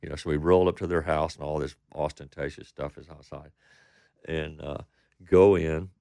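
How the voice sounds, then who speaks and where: A man's voice: extremely low pitch, fairly even intonation, moderate pace, gravelly, mellow, clean tone, no echo, clean studio sound. A man from Texas, a country singer, telling rambling stories in an interview, acting out what people said. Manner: rambling anecdotes with quoted voices. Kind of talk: storytelling interview.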